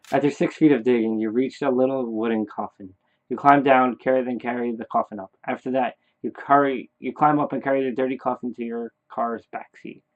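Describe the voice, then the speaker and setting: Man, mid pitch, reads a horror game aloud, halting, phone-like tinny audio. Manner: halting, corrects his own slips. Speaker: player reading a text horror game. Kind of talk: reading aloud with asides.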